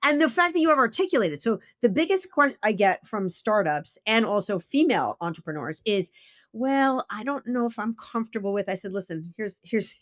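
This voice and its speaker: A woman's voice: mid-range voice, animated, fairly quick, dry recording, studio quality. A middle-aged woman hosting a podcast interview, talking bluntly and emphatically, with some swearing. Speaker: podcast host. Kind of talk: casual interview chat.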